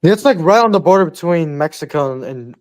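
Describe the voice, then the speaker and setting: A man's voice: fairly high pitch, expressive, brisk. A man in casual chat, easygoing and slangy, tossing in "bro" often.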